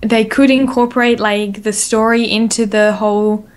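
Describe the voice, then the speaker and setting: A woman co-hosting a casual live-streamed podcast. Her voice sits a little high, and she talks in an eager, excitable way, scattering "like" through her sentences. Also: moderate pace. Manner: chatty and excitable, many likes. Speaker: podcast co-host.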